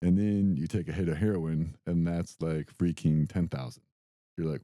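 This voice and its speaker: A young adult male podcast co-host tells a story at a moderate pace in a low-pitched voice. The chat is casual, his delivery animated as he acts out quotes, and the sound is dry.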